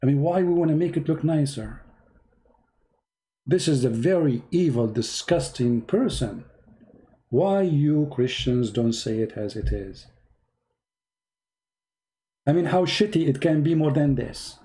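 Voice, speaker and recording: A man's voice: fairly high pitch, lively intonation, measured pace, long pauses, mellow. A man giving mocking, emphatic religious commentary in non-native English, full of sarcasm. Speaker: religious debater.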